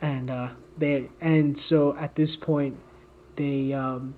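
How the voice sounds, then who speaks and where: A man's voice: fairly high pitch, level tone, takes it slowly. A man co-hosting a podcast, telling a made-up story in casual chat with lots of fillers and restarts. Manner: rambling, many fillers and restarts. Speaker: podcast co-host. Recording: tinny phone-like audio.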